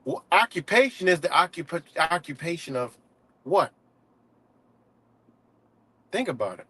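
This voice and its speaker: A man's voice: on the high side, very animated, a little slow, pushed and bright, husky. A man hosting a casual livestream, ranting heatedly and profanely with lots of fillers and restarts. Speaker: livestream host.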